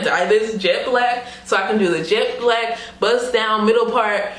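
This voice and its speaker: A young woman unboxing a wig for her vlog, excited and laughing, talking casually with lots of slang and fillers. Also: fairly high pitch, unhurried. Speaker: beauty vlogger. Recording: roomy echo.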